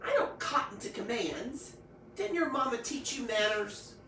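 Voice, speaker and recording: A woman voicing a young woodswoman who talks in a calm, plainspoken, folksy way. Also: on the high side, a little slow, recorded from a distance, slight background noise, full character voice. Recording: echoey room, voice off-mic.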